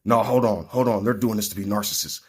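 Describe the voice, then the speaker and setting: Man doing a cranky cartoon genius, loud and blunt, in a quick retelling. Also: on the low side, husky. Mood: scornful. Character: brash, irritable old male scientist.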